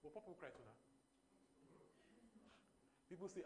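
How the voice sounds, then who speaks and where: A man preaching a sermon, emphatic and repetitive, rising into loud animated bursts. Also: fairly high pitch, normal speed, pauses often.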